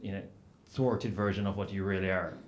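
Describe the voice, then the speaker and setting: A man from Jamaica with a Jamaican accent, telling anecdotes as a panelist, animated and full of "you know" fillers. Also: deep voice, a little fast. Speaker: panelist author. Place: event hall at a book festival panel. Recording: roomy hall sound with faint noise.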